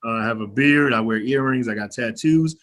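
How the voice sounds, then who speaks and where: Briskly, in a bright-ish medium-pitched voice with a twang, a young county legislator gives a personal speech to activists over a video call. He's candid and rousing, and he swears freely.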